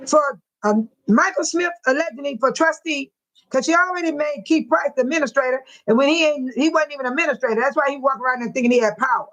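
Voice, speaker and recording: A woman's voice: a little high, a bit bright, poor audio. A woman hosting a casual livestream, chatting straight to her viewers and reading out their comments. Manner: chatty, talks straight to chat, reads viewer comments aloud. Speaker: livestream host.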